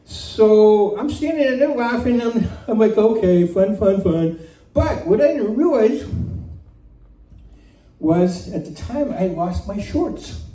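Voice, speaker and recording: Brief: man, high soft dark voice, live storyteller, roomy off-mic sound. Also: takes it slowly, recorded from a distance. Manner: animated, laughs through the telling. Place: community center room. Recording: roomy hall recording from off-mic.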